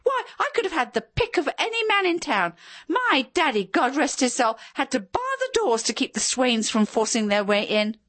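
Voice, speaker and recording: A woman voicing the shrill, nagging ghost of a dead wife in a spoken story, scolding in a high screech. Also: big pitch swings, moderate pace, fairly bright tone, no echo, heavily acted. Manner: scolding, indignant.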